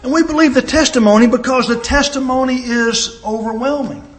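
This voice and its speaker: A man preaching a sermon with emphatic delivery and sudden swings in pitch and loudness. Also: a little fast, roomy sound.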